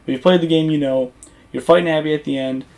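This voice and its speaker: A male gaming YouTuber chats over gameplay at a quick pace, his voice a little high and a little mellow with fairly even intonation. He rambles conversationally, with lots of fillers and restarts.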